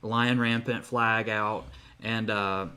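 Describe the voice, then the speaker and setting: A man's voice: on the low side, little pitch movement, slow pace, sharp tone, clean tone. A man co-hosting a podcast, telling a long story in casual chat with many fillers and restarts. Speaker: podcast co-host.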